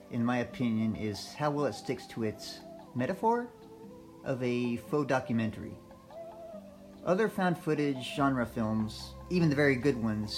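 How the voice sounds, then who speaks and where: A man reading out his own film review for a podcast, in a measured, scripted way with dry asides. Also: medium pitch. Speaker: listener sending in an audio review.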